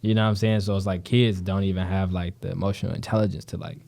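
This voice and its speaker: Young detroit guy, low voice, rapid slangy storytelling, curses a lot. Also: little pitch movement, creaky, a little mellow, a little hiss or hum. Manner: slangy, profane, fast storytelling with lots of "you know what I'm saying". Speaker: guest, actor. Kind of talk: casual conversation.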